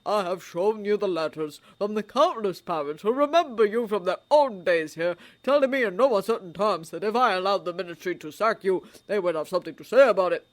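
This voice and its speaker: A woman voicing an old male headmaster wizard who speaks in a pleasant, measured, dryly humorous way. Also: medium pitch, lively intonation, close to an everyday voice. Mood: wry.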